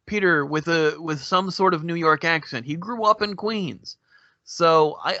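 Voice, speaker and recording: A man's voice: sits high, moderate pace, pushed and bright, dry recording, lo-fi sound. A man co-hosting a podcast, talking films in an enthusiastic, analytical way. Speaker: podcast co-host. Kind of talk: casual podcast discussion.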